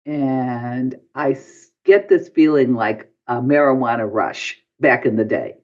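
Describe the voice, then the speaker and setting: A man's voice: medium pitch, a little slow. Man telling a story on a dull recording. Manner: acts out own past dialogue with voice swings. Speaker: podcast guest. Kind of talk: animated personal storytelling. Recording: dull lo-fi podcast audio.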